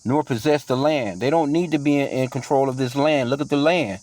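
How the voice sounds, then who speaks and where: A man's voice: mid-range voice, fairly quick, a little mellow, dry recording. A man teaching from scripture in a casual, slangy way, reading verses aloud and then riffing loosely on them. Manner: profane, with frequent fillers and restarts. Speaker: bible teacher.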